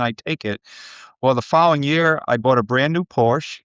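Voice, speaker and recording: A man's voice: mid-range voice, normal speed, smooth, no room sound, highs cut off. A man, a business coach, telling stories in a podcast interview and acting out the people he quotes. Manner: lively storyteller who acts out quoted people.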